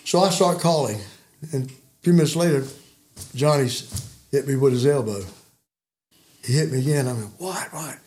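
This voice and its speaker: A man's voice: medium pitch, moderate pace, pauses often, a little mellow. A man in his sixties, a guest telling folksy, rambling hunting stories with chuckles. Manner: rambling, chuckling yarn-spinner. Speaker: guest storyteller.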